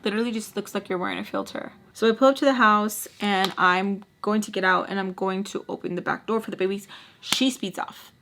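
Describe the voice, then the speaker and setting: A young woman vlogging a casual storytime while doing her makeup, full of likes and quick restarts. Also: medium pitch, fairly even intonation, creaky, fairly bright tone, slight background noise. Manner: chatty, many likes and restarts; voices others in quoted bursts.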